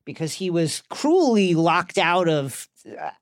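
A woman's voice: fairly low pitch, big pitch swings, unhurried, dry recording, clean studio sound. A woman co-hosting a podcast, talking in a playful, casual way with frequent fillers. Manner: playful, hesitant, with many fillers. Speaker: podcast co-host. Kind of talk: casual chat.

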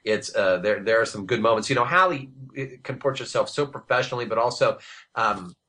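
A man who produces a TV series, answering panel questions with self-deprecating stories and lots of halting restarts. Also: medium pitch, sharp tone. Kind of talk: relaxed panel anecdotes.

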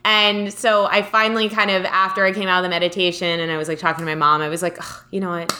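A young woman co-hosting a relaxed conversation, with a bright, forward tone. She tells stories animatedly, full of fillers and self-corrections. Now and then a casual swear slips in. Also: lowish voice, fast talker, a little hiss or hum.

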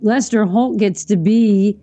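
Woman co-host, warm mellow voice, playful and teasing in casual banter. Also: mid-range voice, slow pace, dry recording. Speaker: podcast co-host. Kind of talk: casual chat.

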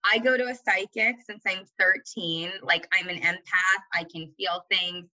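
Young woman, podcast guest, bright forceful voice, candid, self-mocking, dull lo-fi audio. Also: fairly low pitch, steady tone, measured pace. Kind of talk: casual chat.

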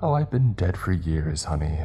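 A man's voice: sits low, sing-song, normal speed, dark tone, soft background music. A man voicing an old woman who has become an undead monster, speaking in cold, hissing threats. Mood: menacing.

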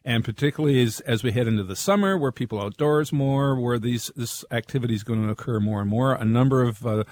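A man giving political analysis on a talk radio show, in a measured, analytical way. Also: medium pitch, a little mellow. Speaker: political commentator.

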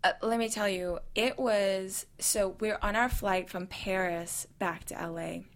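A woman from South Africa, a guest telling an animated story with swearing and laughter in a casual chat. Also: medium pitch, a little slow.

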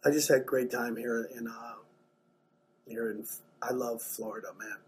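A man doing stand-up comedy, telling a wild story with lots of swearing, jumping into excited outbursts. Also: moderate pace, slight background noise. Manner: animated, swearing, jumps into excited high outbursts.

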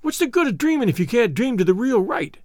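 A man doing an excited hoarse gold hunter. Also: extremely high pitch, quick pace, dry recording, clean studio sound, pitched above the performer's own voice. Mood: urgent. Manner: hoarse urgent whisper, folksy slang.

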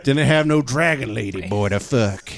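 A man putting on the voice of a gruff old cowboy complaining about a soft generation, crude and drawling. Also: medium pitch, lively intonation, moderate pace. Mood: grumbling.

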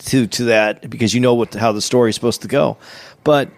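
A man's voice: mid-range voice, fairly even intonation, fairly quick, creaky, no echo. Man restarting sentences, dry sound. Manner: repeats words, restarts sentences. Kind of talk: casual chat about a movie.

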